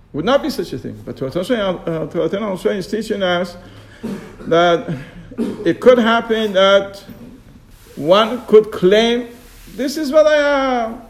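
High-voiced man giving a Torah class. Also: darkish tone. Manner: chuckling, asks rhetorical questions, acts out quoted excuses. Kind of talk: informal Torah lesson on radio.

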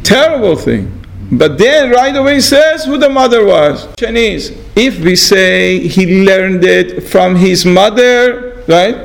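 A man teaching a Torah class, halting with fillers and asking his listeners rhetorical questions. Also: high-pitched, expressive, gravelly, poor audio. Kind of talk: class lesson on scripture.

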